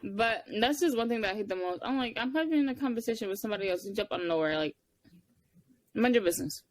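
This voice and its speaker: A woman's voice: fast, no room sound. A young woman co-hosting a podcast, telling stories in casual chat and acting out the quotes with big jumps in her voice. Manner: animated storytelling, acts out quotes with big pitch jumps. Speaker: podcast co-host.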